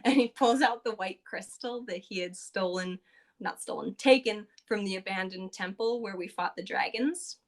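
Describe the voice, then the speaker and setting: A woman's voice: mid-range voice, normal speed. A woman podcast co-host casually recapping a tabletop game session, chatty and loose with lots of fillers.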